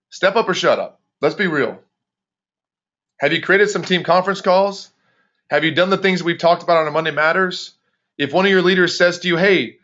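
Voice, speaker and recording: Upbeat guy doing a sales team pep talk on a muffled conference call, bright pushy voice, preachy. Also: high-pitched. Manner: energetic, preachy, repeats phrases for emphasis. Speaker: network marketing team leader. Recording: dull lo-fi phone call audio.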